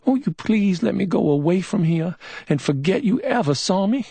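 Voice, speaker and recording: A man's voice: lively intonation, moderate pace, creaky, mellow, husky, no echo, studio quality, heavily acted. A man doing a frightened pleading young woman. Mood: pleading, evasive. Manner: pleading, high strained voice. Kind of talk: audiobook character voice.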